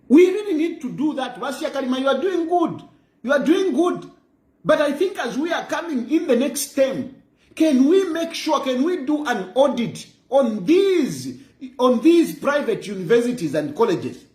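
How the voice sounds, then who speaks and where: A man with a Zambian accent, lecturing in a mocking way and repeating phrases for emphasis, recorded in an echoey room. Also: extremely high pitch. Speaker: political commentator. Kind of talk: impassioned monologue.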